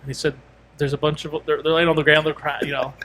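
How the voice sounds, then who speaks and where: A man's voice: on the high side, little pitch movement, fast, a bit bright. A man co-hosting a podcast, telling a long story in casual chat and rambling through quoted asides and restarts. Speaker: podcast co-host.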